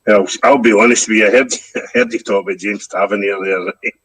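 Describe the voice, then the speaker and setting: A man's voice: fairly low pitch, steady tone, fast talker, fairly bright tone, husky, low-quality recording. A Scottish man speaking frankly and self-deprecatingly as a guest in a casual podcast chat. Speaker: guest fan.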